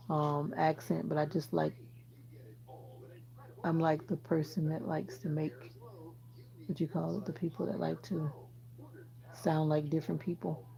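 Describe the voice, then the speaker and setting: A woman's voice: low-pitched, creaky, warm tone, low-quality recording. A Jamaican woman from Jamaica hosting a casual livestream, chatting with viewers and teasing them as she answers their comments. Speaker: livestream host.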